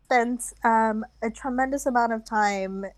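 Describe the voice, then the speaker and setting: A woman's voice: on the high side, unhurried, no echo, poor audio. A young American woman, a travel blogger, chatting casually with many filler words and laughs. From United States. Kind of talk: casual chat.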